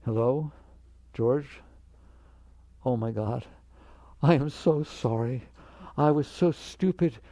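A man's voice: mid-range voice, takes it slowly, long pauses, mellow, dry recording. A man voicing a remorseful girlfriend who pleads on the phone, gushing apologies and asking to come back. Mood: pleading.

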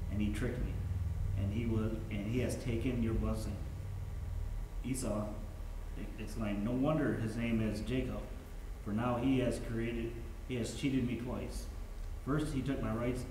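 A man's voice: fairly low pitch, dark tone. A man in a Bible study group reading scripture aloud, stumbling and restarting a few words. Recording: far-off mic in a very echoey room, faint noise.

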